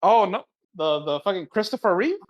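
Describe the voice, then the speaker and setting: A young man with a fairly high voice, co-hosting a casual podcast. He tells stories in a laid-back way and keeps checking in with his listener. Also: animated, fairly quick, lo-fi sound. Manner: laid-back storyteller, drawls out asides like "right?". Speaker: podcast co-host. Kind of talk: casual chat.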